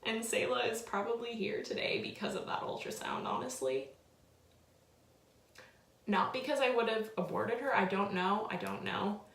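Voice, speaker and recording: A woman's voice: medium pitch, expressive, moderate pace, gravelly, a bit bright. A young woman in her twenties telling a personal story, tearful and overwhelmed, full of filler words. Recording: echoey room.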